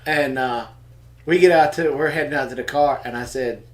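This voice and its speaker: A man's voice: mid-range voice, normal speed. A middle-aged man, telling a funny family story in a casual live chat and acting out the voices of the people in it. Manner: animated storyteller acting out quotes. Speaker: homestead channel co-host.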